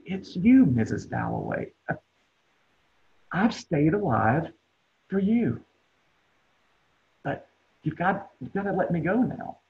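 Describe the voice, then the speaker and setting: A man's voice: fairly high pitch, big pitch swings, creaky, exaggerated voice. A man playing a worn-out dying man, tinny. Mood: wistful. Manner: soft, halting, half-whispered. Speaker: acting student. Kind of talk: dramatic monologue over video call. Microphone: video call. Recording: tinny video call audio.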